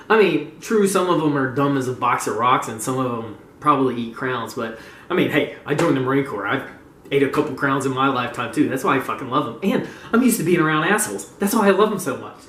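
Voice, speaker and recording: A man's voice: mid-range voice, expressive, fairly quick, a bit bright, recorded from a distance, a little hiss or hum. A man ranting casually to his gaming community as a vlogger, gleeful and mocking, laughing often and swearing freely. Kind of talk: casual profane rant. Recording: roomy, voice away from the mic.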